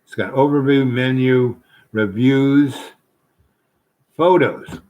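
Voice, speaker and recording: A man's voice: medium pitch, takes it slowly, darkish tone, highs cut off. A man hosting his own show, telling a long, meandering story with many restarts and asides. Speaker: host. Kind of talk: rambling storytelling monologue.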